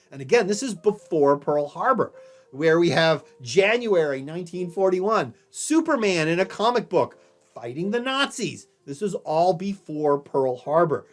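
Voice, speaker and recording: A man from Louisiana giving a recorded history lecture, telling it as a story in a conversational way and checking in with his listeners. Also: a little high. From Louisiana, USA. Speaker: history professor.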